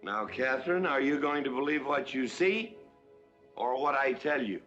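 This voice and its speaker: An actor playing a tipsy, brawling rich rancher in a 1960s film, talking in a blustering drawl. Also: male voice, medium pitch, animated, moderate pace, music in the background, close to an everyday voice. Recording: muffled old film soundtrack.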